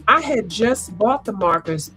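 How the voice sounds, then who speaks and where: A woman, chatting casually and rambling as she hosts a coloring livestream, sounding congested and clearing her throat. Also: medium pitch, animated, measured pace, bright, forceful tone, faint music behind. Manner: chatty, rambling, lots of asides and restarts. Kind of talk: casual chat.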